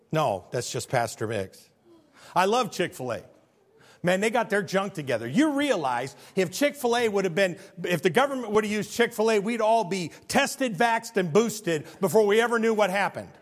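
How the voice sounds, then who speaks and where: Animated male pastor preaching. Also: high-pitched, moderate pace, pauses often. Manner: humorous, animated storytelling with rhetorical questions. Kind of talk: sermon.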